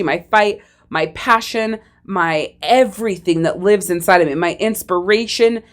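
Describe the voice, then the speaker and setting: A woman hosting her own podcast as a life coach, telling a personal story in a candid, conversational way and swearing casually. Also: medium pitch.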